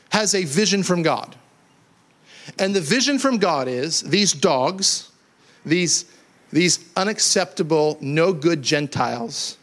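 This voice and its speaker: A pastor delivers a lively sermon to his church. His voice sits fairly high for a man. He sinks into quiet, low stretches, then climbs back to raised, emphatic lines. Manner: animated preacher, swings from hushed lows to raised emphatic highs. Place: church hall.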